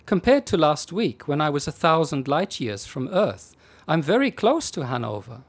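A man doing a calm woman. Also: a little high, normal speed, slightly rough. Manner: calm, matter-of-fact, precise. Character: calm unflappable German woman abductee.

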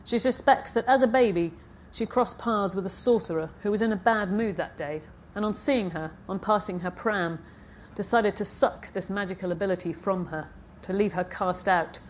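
At a festival stage event, a woman novelist reads from her book in a fairly low voice, at normal speed and with hardly any pauses. Between passages she makes chatty, hesitant asides, and her throat sounds slightly froggy; the recording carries a little hiss or hum.

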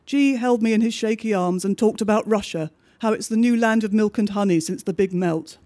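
A man reading a bleak diary-style story aloud, with measured, understated narration. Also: high voice, darkish tone.

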